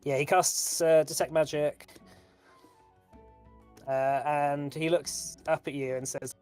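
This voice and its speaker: A man's voice: a little high, little pitch movement, slow, long pauses, a little mellow, clean tone, faint music behind. A man running a tabletop game as game master, narrating with many fillers and restarts.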